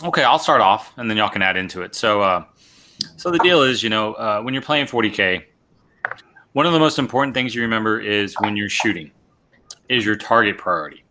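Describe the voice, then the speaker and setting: A man hosts a relaxed live show about tabletop wargames. His voice sits a little low and sounds bright and pushy. He explains things step by step, often restarting and repeating words. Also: a little fast, slight background noise. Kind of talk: casual chat and tactics explanation.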